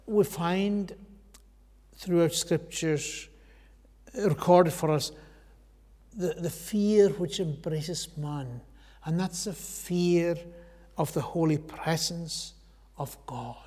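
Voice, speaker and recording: Male preacher, slightly high voice, earnest sermon delivery, long hall reverb. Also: takes it slowly, long pauses. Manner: earnest, swells loud then drops to a hush.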